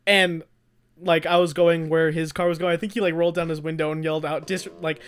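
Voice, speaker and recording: A young adult podcast co-host telling a rambling, animated story in casual chat, often laughing. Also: mid-range voice, fast talker, smooth.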